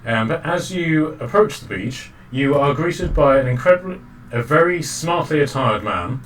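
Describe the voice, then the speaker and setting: A man narrating as game master of a tabletop game, halting often with fillers and restarts. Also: mid-range voice, lively intonation. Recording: distant mic, faint background noise.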